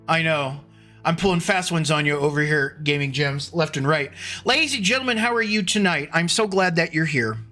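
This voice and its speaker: A man's voice: high-pitched, pushed and bright. A man hosting a casual live stream, rambling and restarting his sentences as he greets viewers by name. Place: at home computer.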